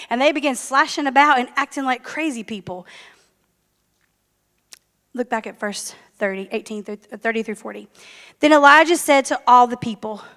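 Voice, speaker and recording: Woman preacher, a bit high, lively storyteller with asides, long church reverb. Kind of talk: sermon. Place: church sanctuary.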